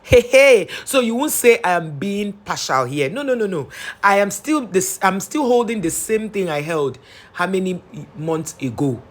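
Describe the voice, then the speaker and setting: A man's voice: high voice, sing-song, normal speed, fairly bright tone. A man with a Nigerian accent giving casual, sarcastic news commentary on a vlog, breaking off to read news reports aloud. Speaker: commentary vlogger.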